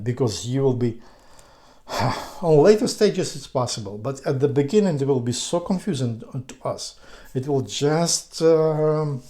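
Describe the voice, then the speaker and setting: Slow, dark-voiced man teaching. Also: mid-range voice. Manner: hesitant, many fillers and restarts, patient. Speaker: language teacher. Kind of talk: slow explanatory lesson.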